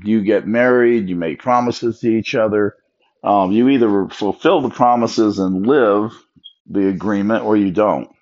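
A man talking casually on his own, sleepy and yawning, rambling with restarts as he tells his thoughts. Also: fairly low pitch. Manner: rambling, chatty, with self-interrupting restarts. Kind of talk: casual solo monologue. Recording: dull lo-fi recording.

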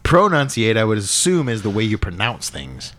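A man's voice: fairly low pitch, very animated, a little fast, a bit bright. A man co-hosting a casual podcast, teasing and bantering with his friend. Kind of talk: casual chat.

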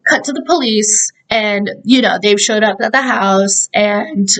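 A woman's voice: medium pitch, a little slow, a bit bright, low-quality recording. A young woman hosting a podcast, recapping a film in a chatty way, full of fillers and laughing asides. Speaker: podcast host. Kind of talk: casual movie recap.

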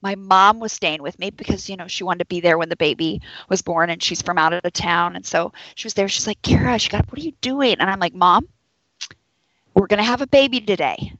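A woman's voice: on the low side, brisk, few pauses, no room sound, muffled recording. A woman who works as a labor and delivery nurse, telling a personal story to an audience and acting out the voices of people in it. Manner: animated, acts out quoted voices.

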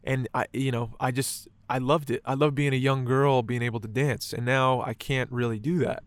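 A man's voice: mid-range voice, steady tone, moderate pace, dry recording. Man telling an emotional story, dry close sound. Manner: emotional, swears often, many "like" and "right". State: choked up. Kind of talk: casual storytelling conversation.

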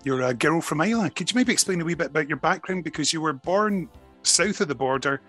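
A Scottish man interviews his guest in a relaxed, friendly manner. His voice is bright and forward, with a husky edge. Faint music plays behind him. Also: a little high, quick pace. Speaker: radio interviewer. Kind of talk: casual interview.

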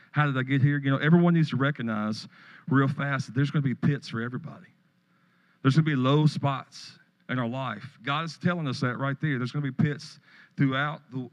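A man's voice: mid-range voice, highs cut off. A middle-aged man pastor preaching a sermon, telling stories and joking with the congregation in a church. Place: church sanctuary.

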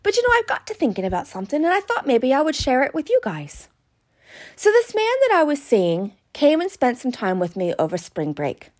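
A woman's voice: sits high, huge pitch swings, brisk, a little mellow. A woman vlogger telling a story to her viewers in a playful, chatty way. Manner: playful, chatty, addresses viewers as "love bugs". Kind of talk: casual storytelling monologue to camera.

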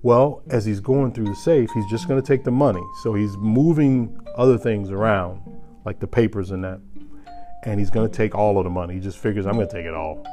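A man casually telling a story to a listener, animated and chuckling, getting louder at the tense moments. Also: on the low side, brisk, faint music behind.

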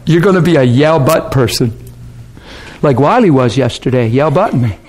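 A man's voice: medium pitch, lively intonation, normal speed, heavy background noise. A male pastor teaching a class in a conversational way, checking in with listeners and often breaking into laughter. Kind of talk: sermon teaching. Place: warm classroom or church hall.

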